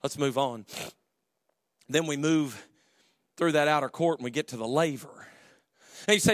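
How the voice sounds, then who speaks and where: A middle-aged man, preaching a sermon in church, moving between loud shouted preaching and quiet storytelling. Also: a little high, big pitch swings, normal speed, long pauses, no echo. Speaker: pastor.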